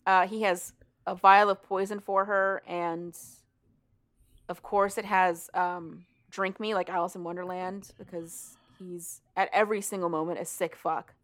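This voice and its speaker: A woman's voice: on the low side, fairly even intonation, a little slow, a bit bright. Woman rambling through a plot recap. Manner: rambling, breathless plot retelling with casual swearing. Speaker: podcast co-host. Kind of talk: casual book recap chat.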